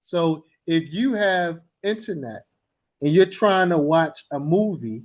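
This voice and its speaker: A man lectures on language teaching in a slightly high voice. His delivery is blunt and informal. He repeats his main points for emphasis. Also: expressive, slow. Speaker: TESOL instructor.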